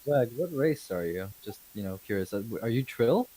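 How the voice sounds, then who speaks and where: Male player, mid-pitch, eager and curious. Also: big pitch swings, normal speed, dark tone, husky. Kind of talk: casual tabletop game chat.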